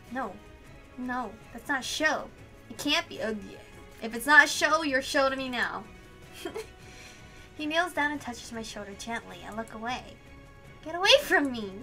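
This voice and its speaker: A woman reading a visual novel aloud and reacting in an excitable, gushing way, swearing and laughing at the story. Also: fairly high pitch. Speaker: let's play host.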